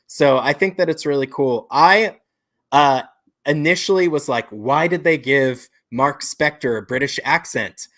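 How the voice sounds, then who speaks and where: A man co-hosting a podcast in casual chat, measured and agreeable, backing his partner with lots of mm-hmms. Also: a little high, fairly bright tone. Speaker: podcast co-host.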